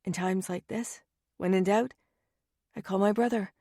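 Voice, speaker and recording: A woman narrating a first-person romance audiobook in a wry, anxious and often hushed manner, on a close studio mic. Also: medium pitch, fairly even intonation, normal speed, no room sound.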